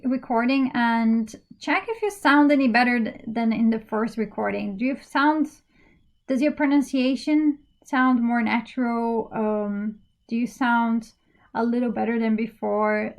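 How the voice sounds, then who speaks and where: A woman teaching an English speaking-exam lesson, explaining practice steps patiently with frequent ums and uhs. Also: fairly high pitch. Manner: patient, step-by-step instruction with many fillers.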